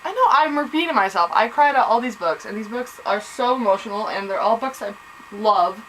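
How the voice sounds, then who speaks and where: Young woman book vlogger, excitable and gushing, bright and slightly high voice, faint background noise. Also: a little fast, poor audio. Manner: gushing, excitable, full of exclamations. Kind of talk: casual chat to camera.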